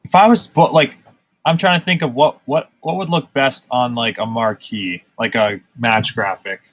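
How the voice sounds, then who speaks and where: A man's voice: mid-range voice, steady tone, normal speed, a bit bright, lo-fi sound. A man, a pro wrestler, talking in casual podcast chat, blunt and profane, telling stories with irritation. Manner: blunt, profane, ranting storyteller.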